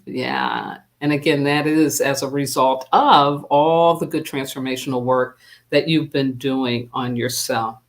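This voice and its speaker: Viewers are greeted by name as a spiritual teacher hosts a live stream, chatting casually and slowly with lots of pauses and filler words. The pitch is medium.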